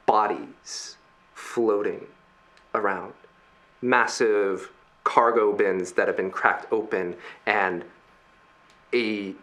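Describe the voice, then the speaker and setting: Brief: man, tabletop game master, slow measured narration, bright tone. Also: lowish voice. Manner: slow, measured scene-setting with pauses.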